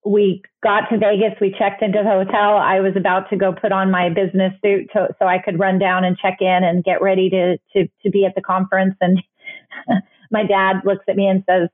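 A woman's voice: medium pitch, flat delivery, brisk. Candid woman on a phone-like line. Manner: candid, many restarts and fillers. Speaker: guest, author. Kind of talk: interview storytelling.

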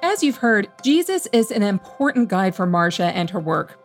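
Woman host reflecting over soft music. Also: mid-range voice, very animated, moderate pace. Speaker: podcast host. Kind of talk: scripted reflective commentary. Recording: faint background music.

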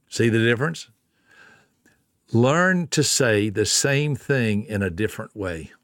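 A middle-aged man, giving a folksy motivational talk. He tells stories, repeats words for emphasis and drops into soft, low tones. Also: animated, normal speed, no room sound, studio quality. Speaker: speaker on a self-help talk.

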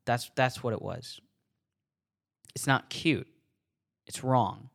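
A man's voice: medium pitch, slow, vocal fry, fairly bright tone. A man hosting a solo podcast about faith, talking casually and earnestly, often chuckling and restarting his words. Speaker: podcast host.

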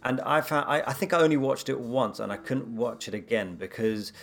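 Fast-talking man in conversation. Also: medium pitch, vocal fry, faint music behind. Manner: fast, animated storytelling with many fillers. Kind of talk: casual conversation.

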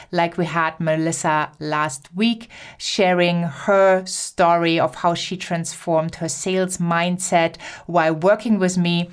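A woman with a German accent hosting her own podcast, talking alone to listeners in an upbeat, encouraging way and stretching words for emphasis. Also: mid-range voice. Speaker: podcast host. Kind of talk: solo podcast monologue.

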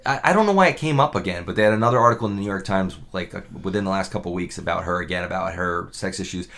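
A man's voice: sits low, very fast, gravelly, fairly bright tone. A man co-hosting a podcast, bantering loosely, rambling with restarts and frequent laughs. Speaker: podcast co-host. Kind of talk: casual banter.

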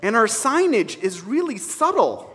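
Lively, high-voiced man preaching a sermon. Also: measured pace. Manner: conversational preaching with wry asides. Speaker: minister. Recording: reverberant hall sound.

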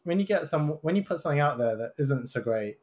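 A man's voice: a little high, animated, quick pace, a little mellow. Rambling man on a podcast. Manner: rambling, heavy use of "kind of" and tag questions. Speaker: doctor and podcast host. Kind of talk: casual chat.

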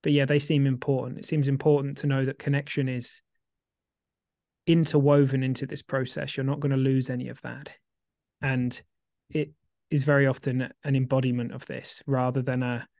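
A man co-hosting a casual podcast, rambling with many restarts and getting excitable when he warms to a point. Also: medium pitch, moderate pace, pauses often, no echo, studio quality. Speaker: podcast co-host.

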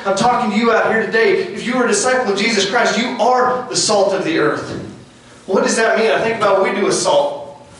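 A man preaching an earnest, folksy sermon outdoors, repeating phrases and dropping to hushed tones. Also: sits high, a little fast. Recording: echoey and distant outdoors.

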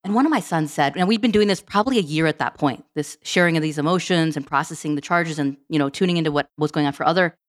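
A woman guest on a podcast, telling stories in a casual, animated way and acting out bits of dialogue. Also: low voice. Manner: animated, quick, acts out dialogue. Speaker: podcast guest, tech program director. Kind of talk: casual storytelling.

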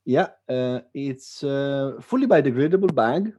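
A man from Europe co-hosting a casual chat, playful and quick to laugh. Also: mid-range voice, lively intonation, dark tone, slightly rough, lo-fi sound. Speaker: co-host.

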